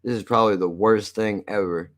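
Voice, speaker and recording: A man's voice: on the low side, steady tone, fairly quick, a bit bright. A man chatting casually on a live stream. He jokes, swears a lot and laughs often. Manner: profane, joking, laughs often.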